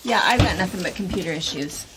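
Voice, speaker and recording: A woman's voice: on the low side, lively intonation, quick pace. Woman, shop host, casual chat, chatty storyteller, noticeable background noise. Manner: chatty, storytelling, laughs often. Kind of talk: casual box-opening chat. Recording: noisy room recording.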